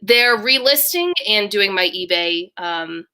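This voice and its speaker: A woman with a bright, forward voice hosts a casual live stream from home. She talks in a chatty way and greets viewers in the chat by name. She is heard through a video call mic. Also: mid-range voice, animated, slow pace, smooth. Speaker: livestream host.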